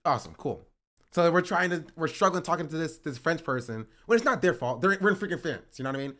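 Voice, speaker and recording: Speaking fast and expressively, a US man streams a meandering travel tale in a slightly high, somewhat bright voice. He keeps tossing in "right?" and "you know?" to check in with listeners.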